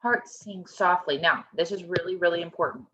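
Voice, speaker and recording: A woman's voice: fairly low pitch, normal speed, sharp tone. A woman teaching a choir lesson over a video call, explaining a score step by step and often checking in with "okay?". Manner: encouraging, instructive, checks in with "okay?". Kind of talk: online music lesson. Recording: dull lo-fi video call audio.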